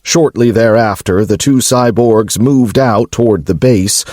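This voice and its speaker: A man narrating an audiobook in a measured storytelling manner. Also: on the low side, a little mellow, no room sound, studio quality.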